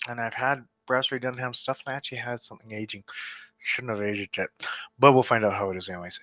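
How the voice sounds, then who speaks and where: A man's voice: medium pitch, bright, forceful tone, no room sound. A hungover man in a casual vlog, reading award results with rambling, wry asides. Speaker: beer reviewer. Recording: dull, slightly lo-fi sound.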